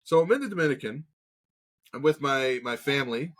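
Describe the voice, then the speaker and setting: A man's voice: medium pitch, animated, a little fast, fairly bright tone. A man in his thirties co-hosting a casual talk show, telling a story with lots of swearing and acted-out quotes. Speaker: podcast co-host.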